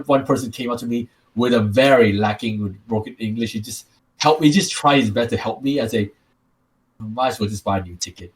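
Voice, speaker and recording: A man from Taiwan with a Taiwanese accent, co-hosting a casual podcast and telling rambling stories with repeated words and restarts. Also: mid-range voice. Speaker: podcast co-host.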